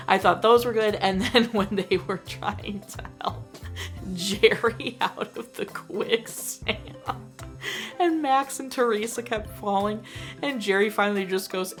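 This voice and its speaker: A young woman casually gushing about a movie she reviews, full of slang, quoting scenes in lively put-on voices. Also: mid-range voice, unhurried, faint music behind.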